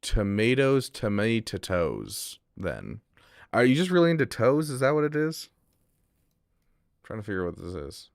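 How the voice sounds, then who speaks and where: A man streaming a game, chatting casually with his viewers in a bemused, teasing way and getting loudly exasperated at the gameplay. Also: medium pitch, very animated, normal speed, pauses often, dry recording, clean studio sound. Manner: bemused banter with chat, rising to loud exasperation. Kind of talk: casual live-stream commentary.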